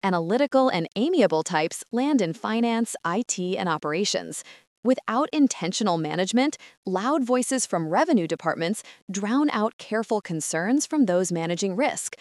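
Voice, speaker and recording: A woman's voice: medium pitch, animated, normal speed, darkish tone, no room sound, clean studio sound. A woman giving polished, emphatic scripted narration as an explainer.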